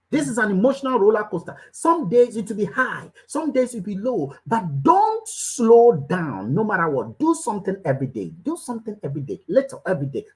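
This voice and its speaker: On a poor recording, a woman with a medium pitch and darkish tone gives a motivational business talk as a coach. Her manner is emphatic and preachy: short commands come again and again, and she asks her listeners questions head-on.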